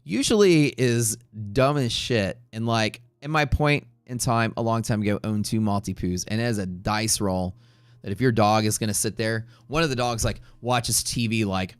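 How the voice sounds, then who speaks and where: A man hosting a live trading stream, chatting casually in a rambling way with profane jokes and quick asides to viewers. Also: lowish voice, clean tone, no room sound. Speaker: livestream trading host.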